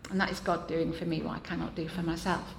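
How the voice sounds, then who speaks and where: A woman's voice: on the low side, little pitch movement, quick pace, creaky, reverberant, background noise. A woman giving a candid, self-deprecating personal share at a support group meeting, speaking earnestly to the room. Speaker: meeting member sharing.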